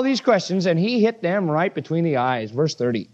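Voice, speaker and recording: A man's voice: fairly high pitch, sing-song, moderate pace, a little mellow, highs cut off. A man preaching a sermon verse by verse, emphatic and full of rhetorical questions.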